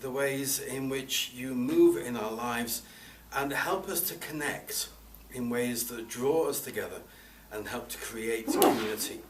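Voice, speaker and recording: A pastor introduces the speakers and leads a calm, measured prayer in church. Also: male voice, mid-range voice. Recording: echoey church, from far off, faint noise.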